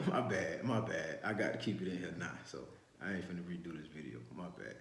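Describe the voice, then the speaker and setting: A man's voice: deep voice, animated, a little fast, a little hiss or hum. A man, telling a story from his youth in rambling street slang, with many restarts. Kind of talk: casual first-person storytelling. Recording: roomy echo.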